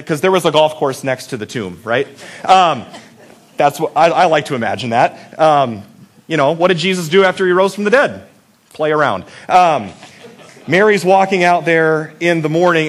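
A man's voice: fairly high pitch, a bit bright. Joking, conversational male pastor. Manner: conversational and joking, keeps asking "right?"; asks the audience reflective questions. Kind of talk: casual Easter sermon.

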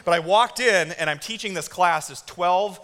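Male pastor in his thirties, sermon delivery, bright forceful tone, long hall reverb. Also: sits high, normal speed. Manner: animated storytelling with shouted kid impressions. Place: church auditorium.

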